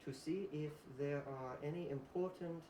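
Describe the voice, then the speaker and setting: A stern priestess ruler issuing orders, as a man puts her on. She speaks in a commanding, measured way. The voice has a roomy echo with faint hiss behind it. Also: fairly high pitch, mellow, far from the mic, lightly acted.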